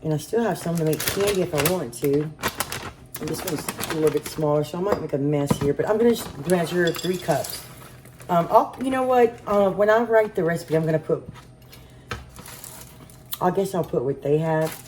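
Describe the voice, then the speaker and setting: A woman's voice: low voice, normal speed, noisy background. A woman with a Southern US accent hosts a home cooking video, chatting and thinking aloud as she cooks in her kitchen. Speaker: home cooking channel host. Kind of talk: cook-along narration. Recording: echoey kitchen with clear clatter.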